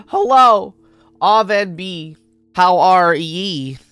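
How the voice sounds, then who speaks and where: A man's voice: high-pitched, animated, very slow, a bit bright, soft background music. A man streaming games in a casual, playful chat, giggling and greeting viewers by name. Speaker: game streamer.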